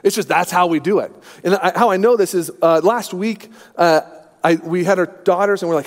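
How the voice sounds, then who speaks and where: High-voiced pastor in an echoing hall. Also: male voice, a little fast. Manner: humorous, self-deprecating storytelling. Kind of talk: sermon with personal stories.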